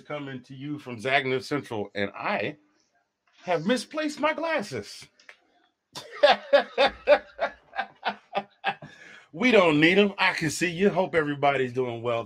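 Jokey, animated male podcast host. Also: medium pitch. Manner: jokey, animated, talkative, laughs often. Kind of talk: casual chat.

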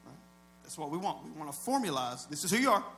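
A man preaching a sermon as a pastor, talking to the congregation in a conversational way, dropping to low asides and building to loud shouted peaks. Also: sing-song, fast, creaky, faint music behind.

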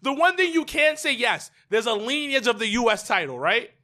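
A man co-hosting a casual podcast, talking in quick, animated bursts with laughter. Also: very high-pitched. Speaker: podcast co-host.

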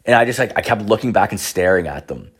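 Man, young adult, casual storytelling, heavy swearing, lowish pitch. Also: expressive, fast talker, slightly rough. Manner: profane, rambling, many restarts and fillers. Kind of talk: casual personal anecdote.

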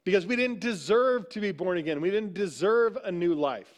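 High-voiced man preaching conversationally. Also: expressive, moderate pace. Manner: conversational preaching, frequent "right?" asides. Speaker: pastor. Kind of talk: sermon. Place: church sanctuary.

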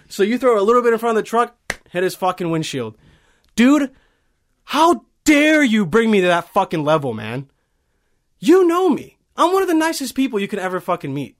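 A man in his early twenties, from Bosnia, telling a heated, profane story in casual chat. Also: high-pitched. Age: early 20s.

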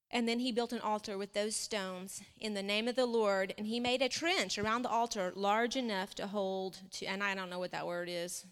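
A woman preaching a sermon, reading scripture aloud with lively asides. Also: mid-range voice, smooth. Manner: animated, reads scripture aloud with asides and laughs. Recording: long reverb of a hall.

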